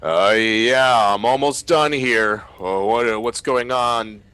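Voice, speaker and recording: A man voicing a hurried male crewmate in a tabletop game. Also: mid-range voice, sharp tone, clear, resonant tone, no echo, voice pushed up. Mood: busy.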